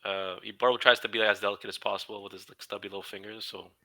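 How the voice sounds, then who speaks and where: A man playing in a tabletop game, his voice fairly low but very bright and forceful. He talks casually and playfully, rambling through many fillers. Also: level tone, very fast, low-quality recording. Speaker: player.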